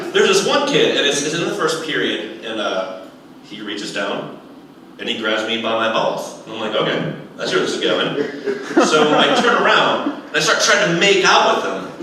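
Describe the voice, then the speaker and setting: A young man doing a stand-up comedy set, telling animated stories and acting out other people's voices. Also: a little high, measured pace, recorded from a distance, noisy background. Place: comedy club stage. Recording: echoey room heard from afar.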